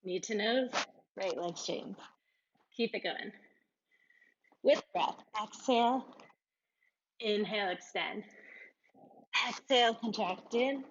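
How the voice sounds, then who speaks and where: Female yoga teacher, unhurried encouraging cues, slightly muffled recording. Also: medium pitch, a little hiss or hum. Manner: calm, encouraging cueing with breathy laughs. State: out of breath at times. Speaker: yoga instructor. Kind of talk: guided yoga class cues.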